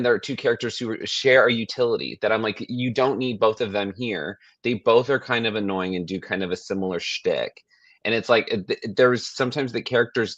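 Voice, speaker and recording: A man co-hosting a podcast in casual chat, rambling and animated, often restarting sentences and swearing. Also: fairly low pitch, no room sound, highs cut off. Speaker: podcast co-host.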